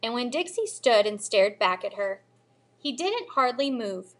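A teacher reading a children's novel aloud with expressive storybook delivery. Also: female voice, on the high side, measured pace. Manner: expressive storybook reading, lively character voices.

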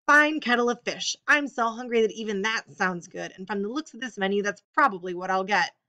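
A woman's voice: mid-range voice, fairly quick, bright, forceful tone, lightly acted. A woman voicing a wry, joking middle-aged husband in an audiobook reading.

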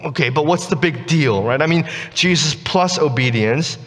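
A male pastor giving a relaxed, conversational sermon, often checking in with "right?". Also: fairly high pitch, normal speed, long reverb tail. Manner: casual, keeps asking "right?". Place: church sanctuary.

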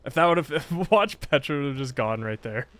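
A man's voice: mid-range voice, animated, normal speed, a bit bright, faint music behind. A man giving casual let's-play commentary on a strategy game, playful and self-mocking, laughing often. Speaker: gaming video creator.

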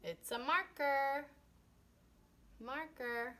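A young woman teaching young children letter sounds, sounding them out slowly in a sing-song way and switching between English and Spanish words. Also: fairly high pitch, animated, a bit bright. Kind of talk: early-childhood phonics lesson.

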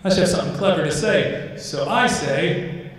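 A man with a high-pitched voice performs a stand-up set at a moderate pace, telling a story and doing the voices of its characters. He's in a large hall before a live audience, recorded from far off with lots of echo.

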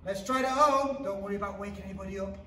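High-voiced man leading a kids' class. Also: very fast, a bit bright, a little hiss or hum. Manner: upbeat and playful, counting drills and joking. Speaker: martial arts instructor. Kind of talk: teaching a children's martial arts class to camera. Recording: echoey hall, far from the mic.

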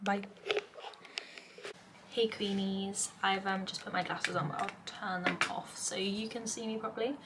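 Speaking at an unhurried pace with a level tone and medium pitch, a young woman from England chats casually to her vlog from home. She's tired and overwhelmed, rambling in run-on lists with plenty of "like," and there's heavy background noise.

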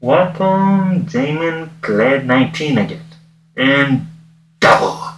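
A man in costume doing a wisecracking masked antihero who cockily teases his live viewers, his voice muffled behind a mask. He speaks slowly and unhurried, with a lively, swinging pitch. It sounds roomy and picked up from a distance, with plenty of noise behind him. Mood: teasing. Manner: cocky, teasing, talks straight to viewers. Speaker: cosplayer livestreaming. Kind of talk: in-character livestream banter. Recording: roomy, distant mic, noisy.

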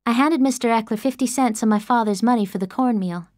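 A woman narrating an audiobook in the first person, measured and expressive, close to the mic. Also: on the high side, no room sound.

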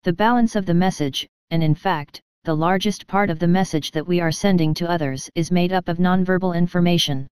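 A woman reads a training lesson in measured, scripted narration. Her voice is very smooth and clear, a little low-pitched, and recorded close with no room sound at all. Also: a little mellow, no echo. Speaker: course narrator.

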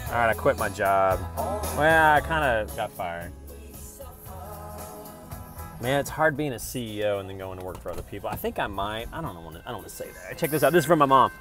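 A man rambling in a casual vlog, swearing often and swinging between loud outbursts and low mumbles. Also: lively intonation, fairly quick, pauses often. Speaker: vlogger. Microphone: phone camera. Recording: music playing in the background.

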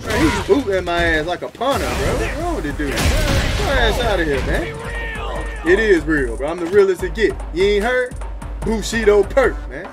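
A man's voice: high-pitched, sing-song, moderate pace. A man hosting a gaming video, giving brash, slangy, trash-talking commentary as he plays, laughing often. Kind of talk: live gameplay commentary. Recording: loud game music behind voice.

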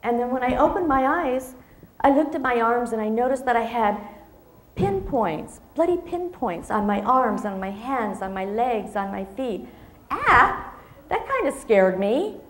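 A motivational speaker in her fifties addresses an audience, her fairly high voice animated, measured, and reverberant. She tells a personal story expressively and acts out the dialogue.

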